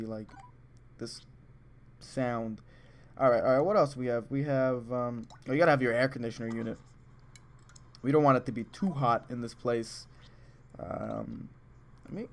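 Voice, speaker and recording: A man giving casual, excitable, rambling commentary over a video game, full of chatty asides. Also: medium pitch. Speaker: let's play host.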